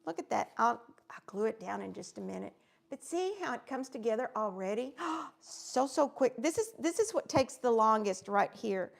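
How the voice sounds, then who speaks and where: A woman's voice: a little high, lively intonation, normal speed, vocal fry. A middle-aged woman, chatting through a craft demonstration livestream and greeting viewers by name.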